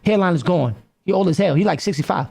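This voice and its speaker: Stream reactor, male, high and lively delivery, repetitive, excitable commentary. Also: quick pace, creaky, slightly rough. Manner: animated, repeats himself, calls out to people.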